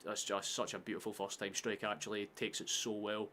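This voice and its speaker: Casual male watchalong host, low and punchy, swears freely. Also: little pitch movement, fairly quick, slight background noise. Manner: laid-back, swears often, sudden shouts at chances. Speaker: streamer hosting a football watchalong. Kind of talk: casual live watchalong chat.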